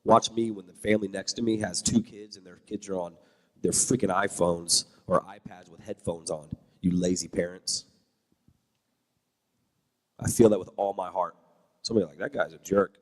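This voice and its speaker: A man's voice: low voice, steady tone, brisk, in a large hall. A man who is a church leader and parent, talking bluntly and with strong opinions on a panel. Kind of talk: panel talk.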